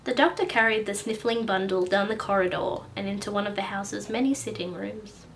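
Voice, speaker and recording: A chatty woman reads her own story aloud in a relaxed, casual way. She gets sidetracked easily, and a faint background hum runs under her voice. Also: medium pitch, brisk.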